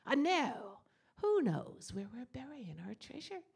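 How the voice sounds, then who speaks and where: A woman voicing a short, round, strange-voiced old man in a folk tale, speaking slowly and loudly with a menacing drawl. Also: high-pitched, very animated, vocal fry, breathy edge, full character voice. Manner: drawn-out, loud, menacing.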